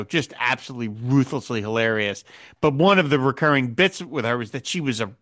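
Guy hosting a podcast, kinda high voice, laughs a lot, acts out the lines. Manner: animated, laughs often, acts out quotes. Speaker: podcast host. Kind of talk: casual podcast discussion.

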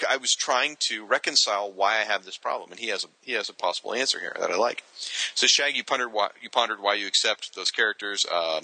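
A man with a low-set but lively voice reads listener mail on a podcast, chuckling between letters. His tone is bright and crisp, and the recording is close and dry, with no room around it. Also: no echo, low-quality recording. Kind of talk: casual podcast chat.

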